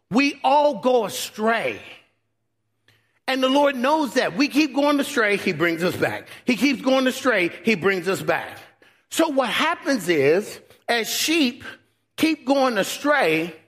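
A man preaching from the pulpit. His voice sits high and carries a husky edge. He climbs into loud exhortation, then drops to a low, near-hushed intimacy. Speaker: pastor. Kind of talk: sermon.

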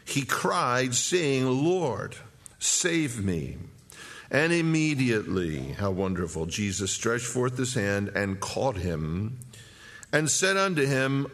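A middle-aged male pastor teaching a Bible chapter, reading the verses slowly and then breaking in with quick, joking asides. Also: mid-range voice, sing-song, a bit bright.

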